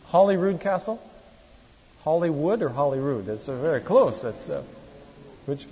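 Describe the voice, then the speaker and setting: A pastor in his forties tells stories from the pulpit in a conversational way, tossing wry asides to his congregation. His voice sits a little high and has a husky edge. He sounds far off in a reverberant church hall, on a dull lo-fi recording. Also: sing-song, moderate pace, warm tone. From Oregon, USA. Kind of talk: sermon with anecdotes.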